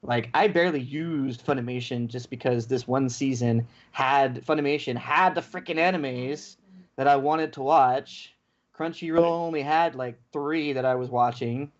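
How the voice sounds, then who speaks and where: Speaking at a moderate pace with a medium pitch, this man co-hosts a podcast and rants casually, voicing both sides of what happened. The audio sounds dull and lo-fi.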